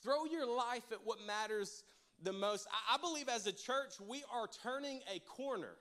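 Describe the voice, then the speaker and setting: A man's voice: extremely high pitch, moderate pace. A man preaching a sermon to a church congregation, telling a funny personal story and joking with the crowd before turning to his message. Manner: storytelling, animated, jokes with the congregation. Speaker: pastor.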